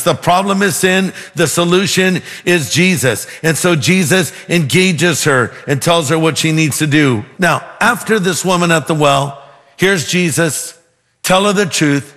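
A male pastor preaching a sermon in an earnest, emphatic way, slowing down to stress his points. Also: a little high, fairly bright tone. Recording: long hall reverb with faint music.

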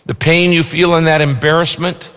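A man preaching a sermon as pastor, with emphatic repetition, rising for stress and then dropping low. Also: fairly even intonation, normal speed, fairly bright tone, smooth, in a large hall. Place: large church auditorium.

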